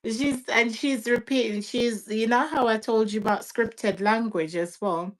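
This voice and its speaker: A woman talking in an unhurried, casual chat, laughing now and then and dropping in patois phrases. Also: on the high side, rough recording. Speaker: guest parent.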